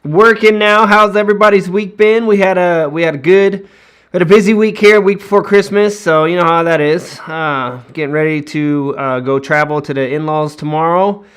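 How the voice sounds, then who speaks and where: High-voiced upbeat livestream host, man. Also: fairly even intonation, moderate pace, fairly bright tone, smooth. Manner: upbeat, greets viewers by name, laughs often. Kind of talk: casual livestream chat.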